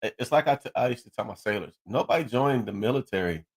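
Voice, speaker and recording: A man's voice: medium pitch, animated, fast. A man co-hosting a faith-based relationship talk, earnestly advising other men. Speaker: co-host.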